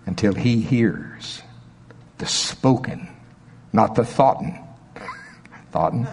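A man preaching a sermon, telling stories with big swings from quiet low murmurs to loud high exclamations. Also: husky, long reverb tail.

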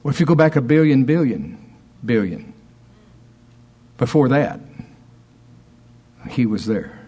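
A man's voice: medium pitch, animated, warm tone, husky. Conversational man teaching a bible lesson. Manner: conversational, reads scripture slowly and deliberately. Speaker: preacher.

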